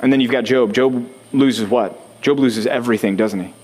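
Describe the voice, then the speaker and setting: A man's voice: mid-range voice, normal speed, darkish tone. A man preaching a sermon as pastor, talking conversationally, putting questions to the congregation and building to rising intensity.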